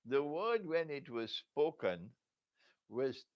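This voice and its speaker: A man's voice: medium pitch, sing-song, measured pace, vocal fry, no room sound, muffled recording. An older man giving a religious lecture as an Islamic scholar, asking rhetorical questions and chuckling often.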